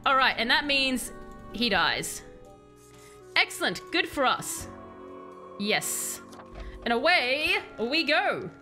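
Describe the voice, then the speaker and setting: A woman streaming a game, chatting with viewers and reading game text aloud in a chatty, animated way. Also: high-pitched, slow pace, pauses often, faint music behind. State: has a headache. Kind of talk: casual game commentary with chat.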